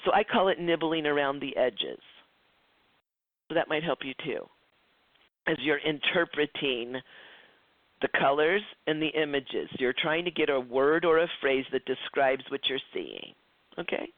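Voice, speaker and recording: Speaking at a measured pace with many pauses, a man with a fairly high, animated voice leads a chatty psychic development lecture. He acts out quoted dialogue and keeps restarting sentences, all captured in dry, tinny, phone-like lo-fi sound.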